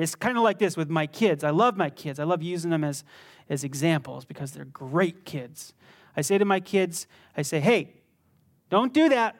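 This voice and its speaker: A middle-aged male pastor preaching a sermon in a conversational, animated way that bursts into sudden intensity. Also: high voice.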